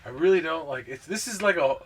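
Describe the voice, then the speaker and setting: A man with a slightly high voice talks casually on a podcast. He rambles through his points with frequent restarts and filler words. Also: expressive, fairly quick, a bit bright, breathy edge. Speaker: podcast co-host.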